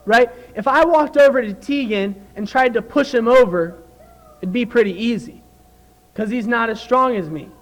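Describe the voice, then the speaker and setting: A man's voice: high-pitched, a bit bright, poor audio. A young man giving an earnest, conversational sermon at church, telling a story to make his point. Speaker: youth speaker at church.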